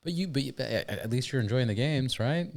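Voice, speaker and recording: A man's voice: mid-range voice, lively intonation, brisk, gravelly. A man hosting a casual podcast interview, easygoing, chiming in often and laughing along. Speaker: podcast host.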